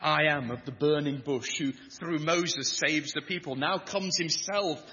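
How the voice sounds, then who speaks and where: A man's voice: on the high side, measured pace, pushed and bright. A man preaching a sermon with an emphatic, rhythmic delivery that builds on repetition. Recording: dull lo-fi sound with long hall reverb.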